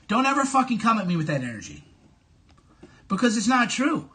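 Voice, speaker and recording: A man's voice: high voice, sing-song, a little fast, pauses often, pushed and bright. A man hosting a live stream, ranting combatively at commenters, swearing and repeating his questions insistently. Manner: mocks others in a whiny put-on voice. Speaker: livestream host.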